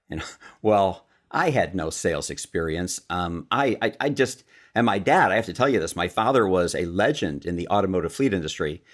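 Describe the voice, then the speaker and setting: Deep-voiced man telling stories. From Chicago. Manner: lively storyteller who acts out quotes. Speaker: podcast guest, sales speaker and author. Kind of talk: storytelling in a podcast interview.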